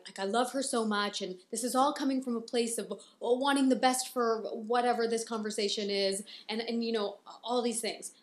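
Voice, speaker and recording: A young woman co-hosts a relaxed conversation, speaking candidly and reflectively. Her voice sits a little high, and she laughs easily between thoughts. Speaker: podcast co-host. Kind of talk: casual conversational chat.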